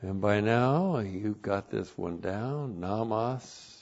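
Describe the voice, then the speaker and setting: Gravelly-voiced man teaching Greek Bible words. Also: on the low side, slow, highs cut off. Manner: spells out Greek words, bursts into loud emphatic phrases. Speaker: pastor.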